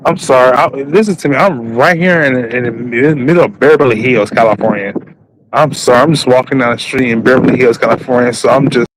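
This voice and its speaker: A man's voice: medium pitch, a little fast, poor audio. A man joining a livestream from outdoors on a street, flustered and apologizing over and over. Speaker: livestream guest. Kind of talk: casual livestream chat.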